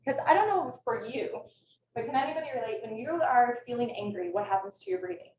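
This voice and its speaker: A woman's voice: a little high, animated, brisk, darkish tone. Earnest woman teacher, echoey and distant. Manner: earnest, passionate. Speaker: kindergarten teacher. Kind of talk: presentation to an audience. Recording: echoey room, distant mic, faint noise.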